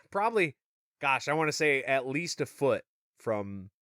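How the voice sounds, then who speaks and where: A man's voice: fairly high pitch, sing-song, slow pace, pushed and bright, no echo, clean studio sound. A man hosting a casual book-discussion podcast, recapping the plot in a joking, chatty way. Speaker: podcast host.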